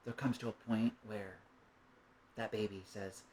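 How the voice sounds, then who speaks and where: A man's voice: lowish voice, fairly even intonation, measured pace, pauses often, a little mellow, low-quality recording. Rambling, musing man. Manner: rambling, musing, keeps asking "right?". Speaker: monologue speaker. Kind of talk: reflective spoken monologue.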